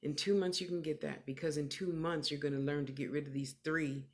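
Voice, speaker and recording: A woman working as a clairvoyant medium, giving casual livestream readings in an animated, emphatic, sassy and motherly way, often repeating phrases for emphasis. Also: low-pitched, fairly quick.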